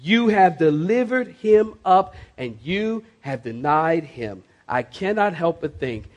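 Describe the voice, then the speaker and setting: A man preaching a sermon to a congregation in a church, slowing down sharply to stress key phrases and rising in emphatic bursts. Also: on the high side, very animated, dull audio. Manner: preaching with dramatic slowdowns and sudden rises. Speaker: pastor. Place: church sanctuary.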